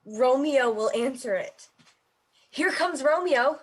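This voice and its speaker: A woman's voice: sits high, expressive, slow pace, husky, heavily acted. A woman playing a forthright young nobleman who speaks urgently in a staged reading.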